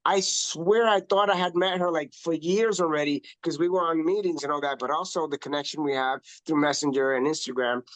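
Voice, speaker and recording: A man coaching on social media in a casual online talk, emphatic and animated, often repeating himself for effect. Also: on the high side, brisk, hardly any pauses, no echo. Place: online video call. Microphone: video call.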